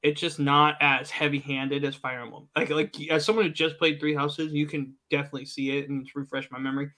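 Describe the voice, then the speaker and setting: Man, bright forceful tone, slightly high voice, enthusiastic rambling game chat. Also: level tone, a little fast. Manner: chatty, enthusiastic, rambling with restarts. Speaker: podcast co-host. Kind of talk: casual gaming chat.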